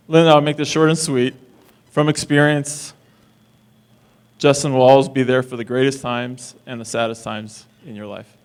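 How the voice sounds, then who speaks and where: A man's voice: mid-range voice, fairly even intonation, a little slow, pauses often, smooth. A man giving a best man's wedding toast, teasing and wisecracking with the guests at a reception in a distillery. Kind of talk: joking wedding speech.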